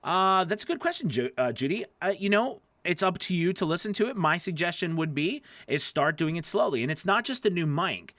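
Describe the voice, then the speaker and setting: A man's voice: high-pitched, big pitch swings, brisk, few pauses, fairly bright tone, no room sound. A man coaching voice actors on a live stream, chatty and encouraging as he answers viewer questions into a studio microphone. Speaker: voice-over coach.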